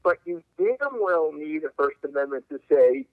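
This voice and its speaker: An older man with a high, lively voice argues like a lawyer, leaning hard on his points. He comes through a tinny, dry phone line. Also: moderate pace, dry recording. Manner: emphatic, argumentative, lawyerly. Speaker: civil liberties attorney guest. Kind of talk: interview answers by phone. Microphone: telephone.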